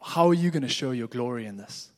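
A man's voice: medium pitch, animated, quick pace, a little mellow. A man preaching a sermon as a pastor, telling stories in a candid, conversational way. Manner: conversational storytelling, candid and informal. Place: church hall. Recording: echoey hall.

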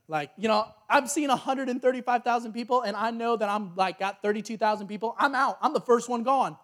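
High-voiced, excitable preacher man. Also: fairly quick, hardly any pauses. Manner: lively, casual storytelling with slang and excited exclamations. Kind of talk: sermon.

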